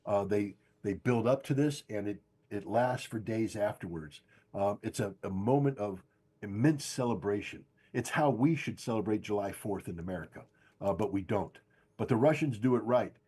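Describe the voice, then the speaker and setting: An older man giving forceful, insistent political commentary as a guest, hammering home his points by repeating them. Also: on the low side, moderate pace, slightly rough. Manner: emphatic, insistent, repeats key phrases. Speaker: guest analyst. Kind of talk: political commentary on a podcast stream.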